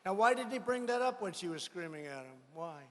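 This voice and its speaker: Man politician at a rally, very high strained shouting pitch, bright pushed tone, boastful and mocking, long venue reverb. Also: expressive, brisk. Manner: boastful, mocking, repetitive phrasing; frequent shouted lines to a crowd. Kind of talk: campaign rally speech.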